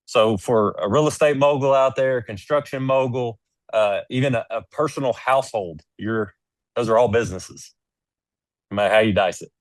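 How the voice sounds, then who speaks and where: A man's voice: medium pitch, normal speed, dry recording. A man speaking as a guest in an interview, making his points with emphatic, preachy storytelling. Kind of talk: casual interview conversation.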